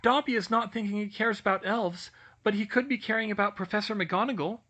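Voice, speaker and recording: A man's voice: sits high, fairly quick, bright, forceful tone, voice pushed up. A man voicing a timid, eager little male house-elf who speaks of himself in the third person. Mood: apologetic.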